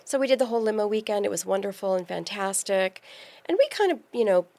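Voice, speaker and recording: A woman in her forties, a podcast guest, telling a lively personal story in casual conversation. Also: medium pitch, fast, creaky. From California. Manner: lively storyteller, acts out quoted voices.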